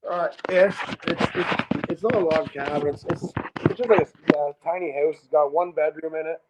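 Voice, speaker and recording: A man's voice: fairly high pitch, normal speed, heavy background noise. A man with a Canadian accent, a guest in a casual interview, talking in a laid-back way, swearing freely and stumbling over restarts. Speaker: guest artist. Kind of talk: casual video call interview. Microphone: video call. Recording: muffled lo-fi call audio.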